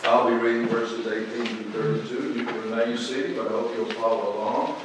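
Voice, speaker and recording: A man's voice: mid-range voice, steady tone, a little fast. A man preaching a sermon as pastor, folksy and emphatic, with bursts of rising emphasis. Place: large church sanctuary. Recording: echoey hall from far off, room noise.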